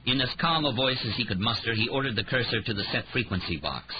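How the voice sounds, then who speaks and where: A man's voice: medium pitch, lively intonation, fast. A man narrating an audiobook thriller in a tense, dramatic reading. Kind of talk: scripted narration. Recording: slightly dull audio with faint noise.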